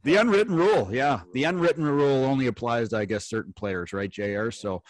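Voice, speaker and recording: Rambling former hockey player host. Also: male voice, mid-range voice, crowd noise. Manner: rambling, halting storytelling with fillers. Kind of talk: casual chat.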